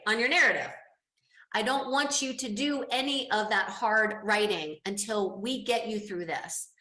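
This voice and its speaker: A woman business coach teaches an online class over a video call, upbeat and encouraging, acting out quoted voices. Her medium-pitched voice is bright and forceful, with a roomy sound.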